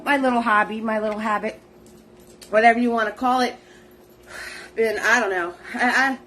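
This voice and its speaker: A woman's voice: a little high, fairly bright tone, a little hiss or hum. A woman hosting a live-streamed painting class, chatty and bubbly, greeting viewers by name. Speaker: paint party host.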